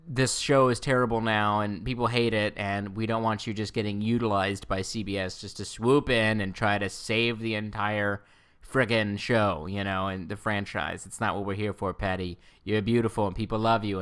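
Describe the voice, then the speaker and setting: A man's voice: on the low side, level tone, normal speed, fairly bright tone, clear, resonant tone, close to an everyday voice. A man voicing a pushy male talent agent who talks in an odd put-on accent and coaxes his client. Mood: coaxing.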